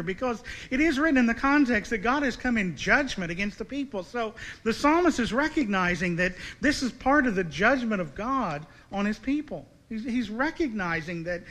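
A man's voice: high-pitched, expressive, moderate pace, a bit bright. A man preaching a sermon in an earnest way, putting direct questions to his listeners.

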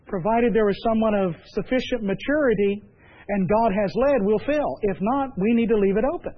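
A man preaching as pastor, emphatic and measured, with repeated phrases. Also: sits high, highs cut off. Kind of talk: sermon.

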